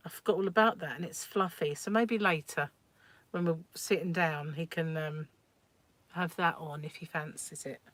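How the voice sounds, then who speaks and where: A woman's voice: low-pitched, moderate pace, fairly bright tone, no room sound. A middle-aged woman hosting a crochet livestream at home, chatting casually and laughing often as she rambles through viewer comments.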